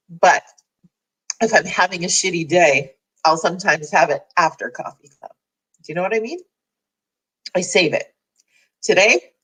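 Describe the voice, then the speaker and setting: Candid, low-voiced woman hosting a livestream. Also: a bit bright, breathy edge, low-quality recording. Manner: candid, rambling, laughs often. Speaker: host of a daily online community chat. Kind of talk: casual heartfelt livestream chat.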